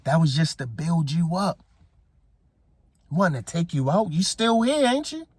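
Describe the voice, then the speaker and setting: A man with a fairly high voice delivers a motivational speech with emphatic, preachy force, repeating his key phrases and speaking in a loose, slangy way. The sound is close and dry, with no room echo. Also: expressive, measured pace, a little mellow, breathy edge. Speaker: motivational coach.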